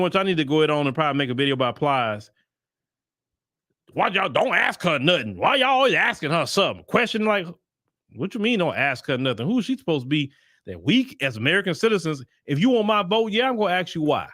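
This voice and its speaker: A man's voice: sits high, very animated, a little fast, pushed and bright, no echo, studio quality. A man hosting a solo political commentary show, talking emphatically and firing off repeated rhetorical questions, with sarcastic asides while browsing websites on screen.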